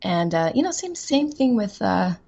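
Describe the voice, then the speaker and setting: A woman's voice: medium pitch, very animated, normal speed, gravelly, dark tone. A woman voice-over actress chatting as an interview guest, rambling and self-deprecating, laughing easily. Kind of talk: casual interview chat.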